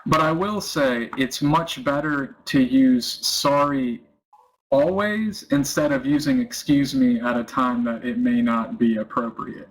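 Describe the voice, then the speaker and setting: American guy, husky voice, chatty explainer, lots of ums. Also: mid-range voice, unhurried, rough recording. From United States. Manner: thoughtful, many ums, gives everyday examples. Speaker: interviewee explaining American culture. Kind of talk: relaxed interview answers.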